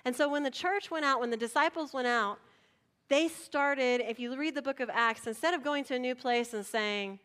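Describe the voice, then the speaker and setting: A middle-aged woman pastor preaching a sermon, telling a story in an animated way and acting out voices. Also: high-pitched, moderate pace, smooth.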